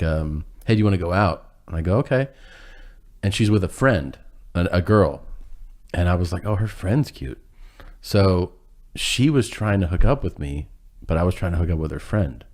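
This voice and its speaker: A man's voice: low-pitched, a little mellow. A man telling a rambling, self-deprecating story in casual chat, acting out what people said and laughing as he goes.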